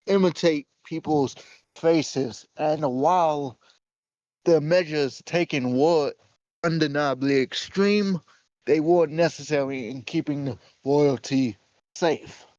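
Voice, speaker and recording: A man playing a tabletop game, speaking in a calm, measured way. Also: fairly high pitch, no room sound. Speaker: player. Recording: dull lo-fi mic.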